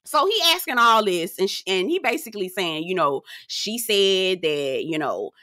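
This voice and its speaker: A woman's voice: mid-range voice, sing-song, moderate pace, sharp tone, dry recording. A woman doing a casual reality TV recap, sassy and gossipy, laughing often and calling the listener girl. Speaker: TV recap host.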